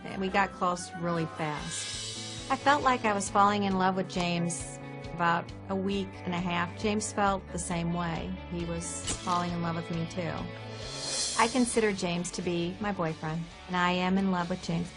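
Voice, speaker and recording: Low-voiced woman telling her story. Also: fairly even intonation, normal speed, music in the background. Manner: plain, matter-of-fact telling. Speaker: talk show guest. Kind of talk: recorded personal account.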